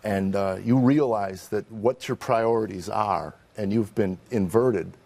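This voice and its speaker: A man's voice: fairly low pitch, measured pace, vocal fry, darkish tone. A middle-aged man, a comedian guest in an interview, telling candid personal stories in a wry, self-deprecating way and acting out the people in them.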